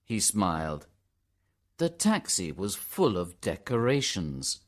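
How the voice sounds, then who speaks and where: Slow, expressive male story narrator. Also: low voice. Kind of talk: scripted narration for learners.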